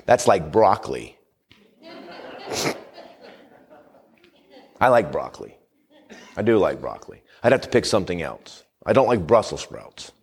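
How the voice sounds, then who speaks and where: A male pastor preaching a sermon with fervent emphasis. He reads scripture slowly and solemnly, breaks into folksy humorous asides, and keeps asking the congregation "Amen?". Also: fairly low pitch, darkish tone, slightly rough. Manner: reads scripture aloud in a slow, solemn cadence.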